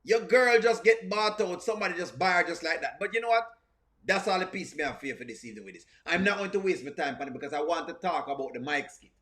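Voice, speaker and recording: A man with a slightly high, animated voice talks at a quick pace, sounding pushed and bright. As a reaction channel host with a strong non-standard English accent, he livestreams lively commentary on skits, going over points again and welcoming his chat.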